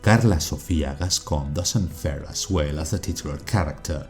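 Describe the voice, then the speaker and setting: Very deep-voiced man narrating a video essay. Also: normal speed, faint music behind. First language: Spanish. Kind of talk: scripted narration.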